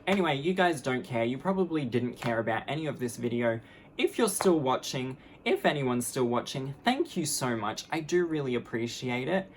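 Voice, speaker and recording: A woman's voice: very deep voice, expressive, normal speed, slight background noise. A young adult woman telling a story on her vlog, candid, blunt and sarcastic, mocking the people in it with put-on voices. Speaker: vlogger.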